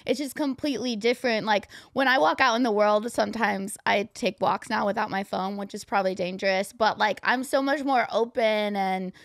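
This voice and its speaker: A woman's voice: mid-range voice, a little fast, few pauses, dry recording, clean studio sound. A woman guest on a podcast, chatting casually in an earnest, emphatic way. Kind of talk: casual chat.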